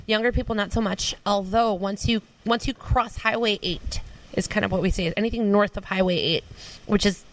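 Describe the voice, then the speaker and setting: A woman's voice: medium pitch, normal speed, few pauses, rough recording. A woman from Minneapolis with a Minnesotan accent, co-hosting a podcast in a chatty, agreeable way. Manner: chatty, agreeable, lots of fillers. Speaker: podcast co-host. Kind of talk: casual chat.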